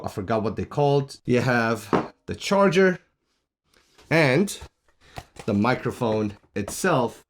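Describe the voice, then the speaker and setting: A man's voice: medium pitch, slight background noise. A man reviewing a product, casually walking through its features one by one in a plain explanatory way. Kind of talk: casual product demo walkthrough. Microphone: shotgun mic on a stand.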